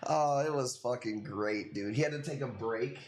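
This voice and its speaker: Swearing freely and dropping "dude" again and again, a man in his late thirties meanders through a story while hosting a live stream. He talks at a moderate pace in a mid-range voice, and the roomy audio has a bit of hiss or hum.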